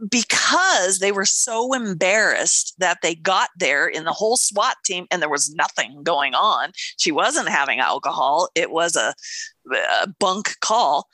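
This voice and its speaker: A middle-aged woman, an author, chatting casually and telling a story in an animated way. She acts out other people's voices and laughs often. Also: mid-range voice, no room sound.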